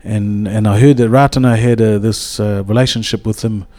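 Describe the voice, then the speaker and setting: New man, low and warm, rambling devotional talk with lots of hesitations. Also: fairly even intonation, normal speed. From New Zealand. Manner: rambling, with many hesitations and restarts. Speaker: speaker at a church gathering.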